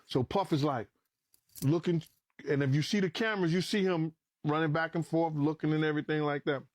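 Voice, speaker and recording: A middle-aged man with a fairly high speaking voice tells a long story as a podcast guest. He is loose and animated and swears freely. The sound is dry and close, with no room around it. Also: a little fast, no room sound. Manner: animated, acts out quoted dialogue, swears freely. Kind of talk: casual spoken storytelling.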